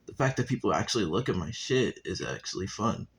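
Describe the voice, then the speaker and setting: A man's voice: low-pitched, sing-song, brisk, a little hiss or hum, poor audio. A young man spins a fan story on the fly in a casual, unscripted way. He rambles, swears a lot and keeps stopping to talk straight to his viewers before picking the story back up. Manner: rambling and profane, with asides to viewers.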